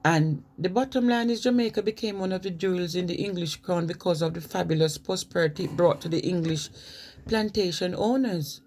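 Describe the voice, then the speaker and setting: A woman's voice: fairly low pitch, brisk, a little mellow, slight background noise. Woman reading a talk. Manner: reads aloud, breaking into emphatic asides. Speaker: vlogger. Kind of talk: reading a prepared talk with asides.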